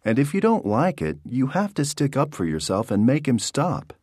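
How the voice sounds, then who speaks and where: A man reads his side of a textbook conversation, offering firm, supportive advice. His voice is a touch husky and swings widely in pitch, recorded dry and close. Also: huge pitch swings, moderate pace, darkish tone, no echo. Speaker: textbook dialogue speaker. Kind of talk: scripted conversation for language learners.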